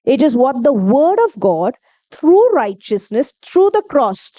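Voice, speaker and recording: A woman preaching a sermon in a slightly high, mellow voice. She speaks emphatically, often asking her listeners questions and answering them herself. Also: sing-song, unhurried.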